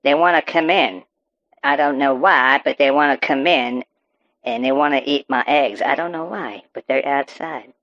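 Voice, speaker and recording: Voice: mid-range voice, normal speed, a bit bright, lightly acted. Performer doing Farmer Ted, a ranting farmer. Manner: rambling, profane, stammering rants. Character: paranoid rural male farmer ranting about super pigs. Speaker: interviewee on a call-in show. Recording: dull, muffled audio.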